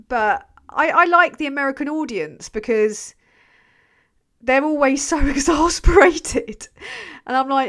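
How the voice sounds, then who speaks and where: A woman's voice: high-pitched, expressive, a little slow, fairly bright tone. English woman rambling on a livestream. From England. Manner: swears freely, rambling, laughs often. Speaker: channel host reading live chat. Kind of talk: casual livestream chat.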